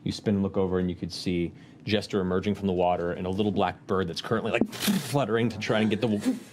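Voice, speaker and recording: A man running a tabletop game as game master, narrating with quick shifts into character voices. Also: low-pitched, background noise.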